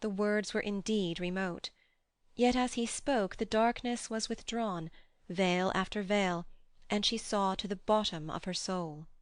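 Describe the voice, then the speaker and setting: A woman with a mid-range voice narrates an audiobook from a script, reading in a measured, even way. The recording is clean studio sound with no room sound.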